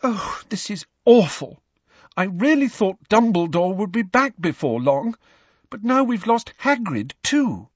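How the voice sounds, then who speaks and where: A man's voice: sits high, huge pitch swings, takes it slowly, a bit bright, husky, no room sound, muffled recording, voice pushed up, full character voice. A man voicing a clever, earnest teenage witch girl who speaks with strong feeling. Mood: upset. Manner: earnest, emotional.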